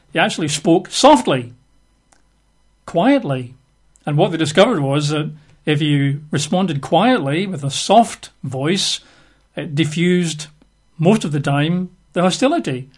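A man's voice: a little high, animated, unhurried, breathy edge. A man giving a conversational Bible teaching, chatty and wry, with frequent fillers.

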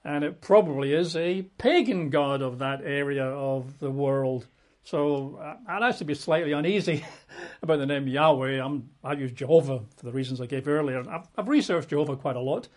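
A man preaching a Bible teaching in a relaxed, conversational way, full of asides and self-corrections. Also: a little high, moderate pace.

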